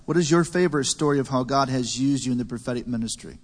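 A man leads a church panel discussion, talking in a plain, measured way and keeping the questions moving. His voice sits in the middle range for a man. It carries a long reverb, as if from a large hall. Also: medium pitch. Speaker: panel host.

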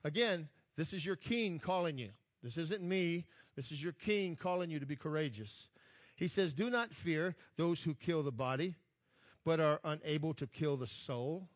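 A man preaching with a somewhat high voice, earnest and driving, swelling in force whenever he quotes scripture. He repeats words, asks his listeners for an "amen," and the sound is dry and close with no room echo. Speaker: pastor. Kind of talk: sermon.

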